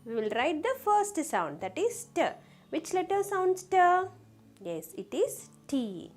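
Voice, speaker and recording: High, lively teacher. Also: female voice. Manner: slow and deliberate, sounding out letters, asking the children questions. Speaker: kindergarten teacher. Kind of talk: phonics lesson for young children.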